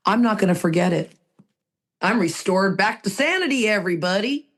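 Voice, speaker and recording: A woman's voice: mid-range voice, lively intonation, a little slow. A woman co-hosting a recovery podcast, talking in an emphatic, heartfelt way and repeating her phrases for weight. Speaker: podcast co-host.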